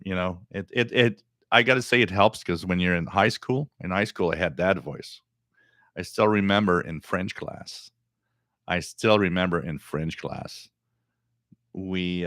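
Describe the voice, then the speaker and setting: A middle-aged man with a deep voice hosting a radio live stream, chatting casually and reading viewer comments, rambling and repeating words. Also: a bit bright, no echo, clean studio sound.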